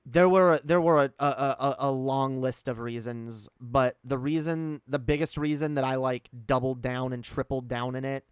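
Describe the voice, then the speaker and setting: Guy rambling candidly about himself, smooth clear voice, dry close mic. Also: mid-range voice, fairly even intonation, moderate pace, hardly any pauses, dry recording. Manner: rambling, many fillers and restarts, candid. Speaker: streamer. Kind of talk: casual personal chat.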